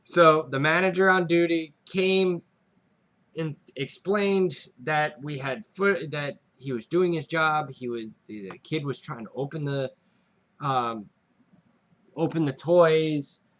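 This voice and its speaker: Young male co-host, slightly high voice, loose profane storyteller. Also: slow. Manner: animated storyteller, swears, voice jumps up when reenacting. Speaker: podcast co-host. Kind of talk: casual storytelling chat.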